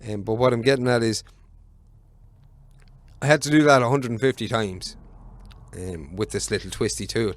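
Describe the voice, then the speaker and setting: A man's voice: mid-range voice, normal speed, long pauses. Sweary man telling stories. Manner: sweary, rambling storyteller. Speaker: podcast guest. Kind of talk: casual chat.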